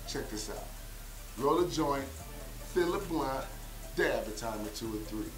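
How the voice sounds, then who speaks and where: A male show host making an emphatic, repetitive promotional pitch to viewers, recorded in an echoey room with music playing. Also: lively intonation, measured pace, long pauses. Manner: emphatic, repetitive hype delivery.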